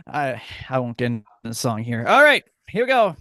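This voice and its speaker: Playful man hosting, lively pitch. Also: a little fast, few pauses, no echo, studio quality. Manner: playful, laughs often. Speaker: host. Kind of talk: casual live chat.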